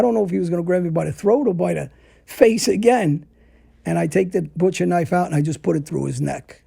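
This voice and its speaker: A man's voice: sits high, fairly quick, creaky, dark tone, breathy edge. A middle-aged man telling a crime story in a casual, blunt and profane way, narrating events in the present tense. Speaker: storyteller guest.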